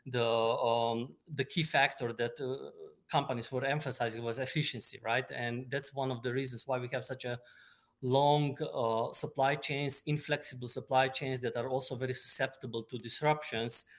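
Male expert guest, mid-pitched, measured and halting delivery. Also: a bit bright. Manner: measured, explanatory, many ums and uhs. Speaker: supply chain expert guest. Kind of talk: remote interview answers.

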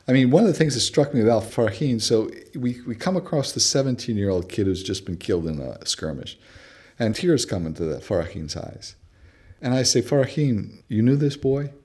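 A man's voice: lowish voice, expressive, brisk, darkish tone, slightly rough. A man being interviewed, telling anecdotes with frequent fillers and acting out quoted dialogue. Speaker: interview guest, researcher. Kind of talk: conversational storytelling interview.

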